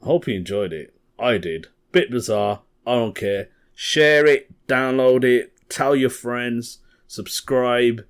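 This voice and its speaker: A man's voice: mid-range voice, slow, hardly any pauses, clear, resonant tone. A young man hosting a casual comedy podcast, rambling through stories and chuckling as he goes.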